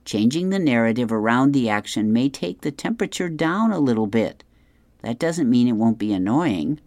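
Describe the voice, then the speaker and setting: A man's voice: medium pitch, lively intonation, a little mellow, no echo. A man hosting a radio show, reading an advice column and describing comic strips aloud with amusement. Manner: unhurried, amused, chuckling while reading. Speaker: radio host.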